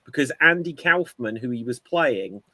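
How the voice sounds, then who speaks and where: A guy co-hosting a podcast chat show is an animated storyteller who acts out quotes in casual conversation. His bright, mid-range voice moves at a moderate pace, and the recording is dry and close.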